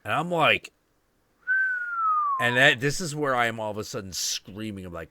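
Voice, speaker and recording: A man hosting a livestream, telling a story in a casual, profane, animated way and acting out the voices. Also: mid-range voice, moderate pace, pauses often, heavy background noise. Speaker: show host.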